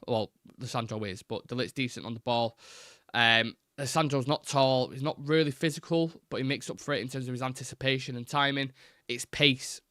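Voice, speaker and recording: Chatty fan show host. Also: male voice, mid-range voice, sharp tone, dry recording, studio quality. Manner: chatty, rambling opinions, frequent restarts and fillers. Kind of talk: live fan talk show, answering viewer comments.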